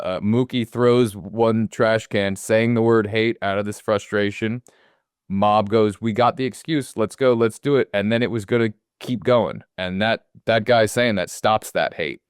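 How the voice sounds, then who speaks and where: A man in his forties with a smooth, lowish voice co-hosts a film podcast, rambling casually with plenty of fillers and restarts. The recording is clean studio sound with no room echo.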